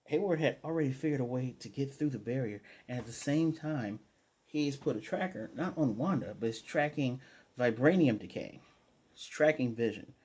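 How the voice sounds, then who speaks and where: A man's voice: mid-range voice, warm tone. A man giving a casual spoken episode review, retelling scenes in a rambling way with plenty of fillers. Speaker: video reviewer.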